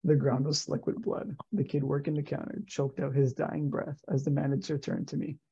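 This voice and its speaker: A man co-hosting a livestream, reading a story aloud in a low-key, gravelly way and chatting casually. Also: flat delivery, moderate pace, dark tone, highs cut off.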